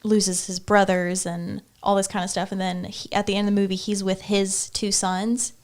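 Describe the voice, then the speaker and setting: A woman with a gravelly, fry-heavy voice co-hosts a podcast. She tells a story in a lively, casual manner at a middle pitch. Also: normal speed. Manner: animated storytelling. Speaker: podcast co-host. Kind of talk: casual conversation.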